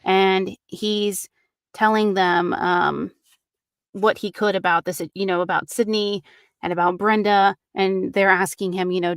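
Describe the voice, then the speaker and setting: A woman hosting a true crime podcast, retelling a case casually with many fillers and quick acted-out quotes. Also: mid-range voice, steady tone, clean tone, no room sound, studio quality.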